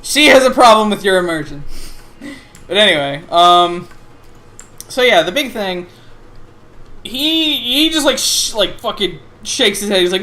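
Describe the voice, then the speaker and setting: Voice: medium pitch, lively intonation, unhurried, long pauses, sharp tone. A game master narrating a tabletop role-playing game in a loose, profane way, with laughing asides.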